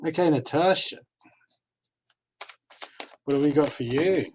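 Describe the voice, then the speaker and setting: A man's voice: fairly high pitch, measured pace, heavy background noise. An Australian man giving live card readings, talking casually and reassuringly, often checking in with "okay?". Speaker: card reader.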